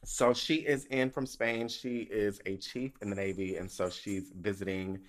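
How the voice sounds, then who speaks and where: Sassy, animated podcast host man. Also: on the low side, normal speed. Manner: animated, sassy and profane, laughs often. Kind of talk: casual chat.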